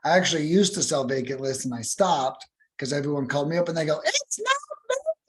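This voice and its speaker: A young adult man speaking casually as a podcast guest, animated and profane, acting out callers in high voices. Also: fast. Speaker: guest, cold calling expert.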